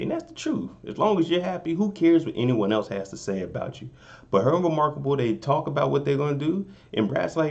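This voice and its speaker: A young man talks through a show recap in an easy, joking tone. His voice sits at a middle pitch for a man. The recording sounds a little dull and lo-fi. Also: animated, brisk, vocal fry. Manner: laid-back, joking, keeps saying "you know what I'm saying". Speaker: recap vlogger. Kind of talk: casual recap commentary.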